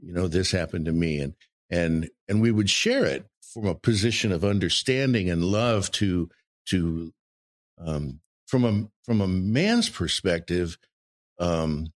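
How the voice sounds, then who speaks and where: A man's voice: sits low, sing-song, slow pace, dry recording. A man candidly telling stories from his marriage in an earnest, emphatic way. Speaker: married guest sharing relationship experience. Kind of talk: candid conversational storytelling.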